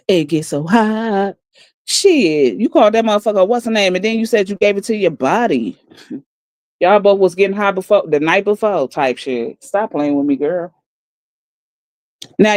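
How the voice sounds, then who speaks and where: A woman livestreaming on her phone, taunting and mocking others in a calm, profane, smooth way. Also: on the low side, no echo. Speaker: livestream host. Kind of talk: casual livestream rant.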